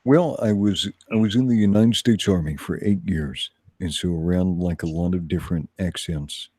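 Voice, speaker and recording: A man's voice: deep voice, normal speed, darkish tone, slightly rough, dry recording, studio quality. A man hosting a casual online chat, rambling and self-deprecating. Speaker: host.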